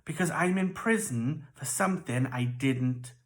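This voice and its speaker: A children's church storyteller voicing Joseph, a kind, calm young prisoner, in a gentle, reassuring way. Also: medium pitch, measured pace, close to an everyday voice.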